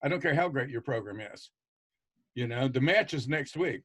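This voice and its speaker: A man's voice: medium pitch, sing-song, normal speed, fairly bright tone, breathy edge. A man speaking on an educators' panel, emphatic and blunt, repeating points for stress. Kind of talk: passionate panel discussion.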